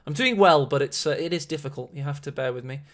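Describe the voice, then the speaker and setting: A man's voice: fairly high pitch, fast, a bit bright. A man casting a strategy-game match on a live stream, chatty and rambling with self-mocking asides. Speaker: esports caster.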